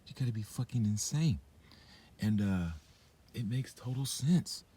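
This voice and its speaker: Sipping a drink and smoking as he goes, this young man rambles through a profane vlog monologue full of fillers and tangents. His mid-range voice is expressive, dark and slightly rough, and he never hurries.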